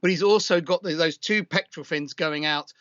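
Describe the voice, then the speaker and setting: Bright-voiced man, dull lo-fi audio. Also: fairly high pitch, dry recording. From United Kingdom. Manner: measured, critical. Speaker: co-host. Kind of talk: casual chat reviewing photos. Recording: dull lo-fi sound.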